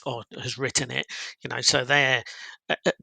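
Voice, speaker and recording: Upbeat man with a gravelly edge. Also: mid-range voice, little pitch movement, normal speed, sharp tone, no room sound, poor audio. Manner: upbeat, chatty, with many fillers. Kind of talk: casual podcast conversation.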